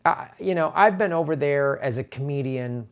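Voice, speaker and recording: A man's voice: fairly high pitch, normal speed, clear, resonant tone, highs cut off. A man who is a comedian, giving casual political commentary in a profane, exasperated rant full of stammered restarts.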